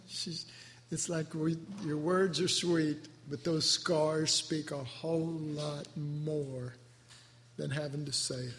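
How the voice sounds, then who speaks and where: A man giving devotional Bible teaching in a tender, halting, emotionally moved way. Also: fairly high pitch, flat delivery, a bit bright. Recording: echoey hall with faint background noise.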